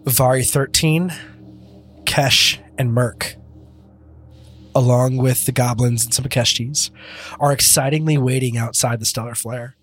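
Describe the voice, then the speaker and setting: A man serving as game master, telling the scene in a relaxed, loose way with plenty of fillers. His voice sits at a middling pitch. Faint music plays beneath the narration. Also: a little slow, long pauses. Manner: casual, laughing often, loose storytelling.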